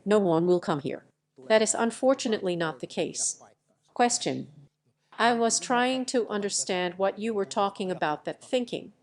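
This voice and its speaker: A woman reads out a translated lecture along with its audience questions, keeping an even, measured pace throughout. She announces each question and each answer before reading it. Her voice sits at an ordinary middle pitch. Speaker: narrator voicing a lecture Q&A.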